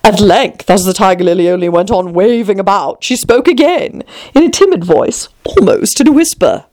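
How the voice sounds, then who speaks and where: A woman reading a children's storybook aloud, expressive and voicing every character herself. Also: medium pitch, moderate pace. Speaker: narrator.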